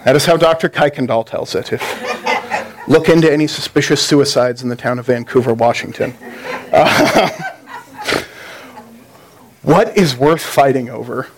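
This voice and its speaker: A man preaching in a relaxed, conversational way. He keeps a dry, easy storyteller's delivery as he talks to a congregation, at a middle pitch. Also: a little slow, pauses often, background noise. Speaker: pastor. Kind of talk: sermon with a told joke.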